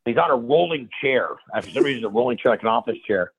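A man of middle pitch tells energetic, animated stories as a guest, often repeating and restarting his phrases. He calls in over a dry, thin phone line with no room sound. He acts out the quotes with a lively push. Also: fast talker, creaky, husky, no echo. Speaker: guest chef. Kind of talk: animated storytelling on a radio show.

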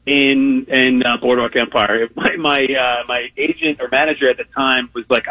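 A TV food challenge host, guesting on a radio show, speaks in a medium-pitched, flat voice at normal speed with few pauses and no room sound. The recording has a dull, lo-fi phone-in quality, and he tells stories loosely, laughing a lot and using many fillers.

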